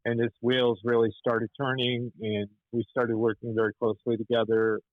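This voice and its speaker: A man guesting on a podcast tells stories casually, rambling with many restarts and frequent "right?" checks for agreement. His mid-range voice is completely flat at a moderate pace, and the audio is narrow and tinny with no echo.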